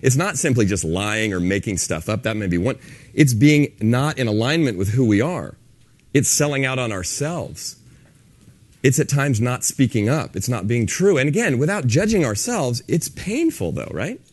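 A man's voice: medium pitch, moderate pace. A man speaking to an audience, telling stories with lots of movement in his voice. He acts out both sides of a conversation as he tells it. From San Francisco. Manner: animated storyteller, acts out dialogue. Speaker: speaker on authenticity. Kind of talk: live talk to an audience.

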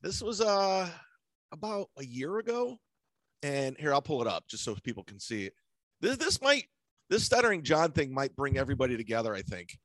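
A man's voice: fairly high pitch, big pitch swings, moderate pace, a bit bright, no echo. A man hosting a casual comedy podcast, telling stories bluntly with lots of swearing and mocking impressions of people. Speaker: podcast host.

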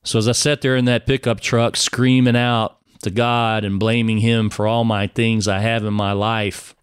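A man's voice: lowish voice, little pitch movement, moderate pace, clear, resonant tone, no echo, clean studio sound. A man giving an earnest personal testimony sermon, speaking straight to the listener and calling him brother.

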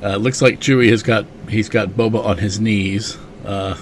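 A man's voice: fairly low pitch, steady tone, normal speed, a little hiss or hum. A man hosting a podcast, recapping a comic casually with enthusiasm, lots of "you know" and chuckles. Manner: enthusiastic, chuckling, many fillers.

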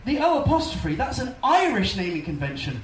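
A man's voice: high voice, wildly swooping pitch, fairly quick, reverberant, far from the mic, very noisy. A man with an English accent doing a stand-up set in a comedy club, teasing the crowd and mimicking other people. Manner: mocking, plays other voices.

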